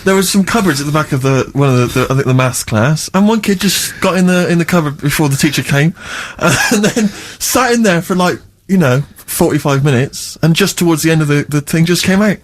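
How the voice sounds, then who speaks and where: A radio co-host with a voice a little higher than most men. He muses aloud in loose, rambling sentences that trail off as he chats casually. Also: fairly quick, hardly any pauses.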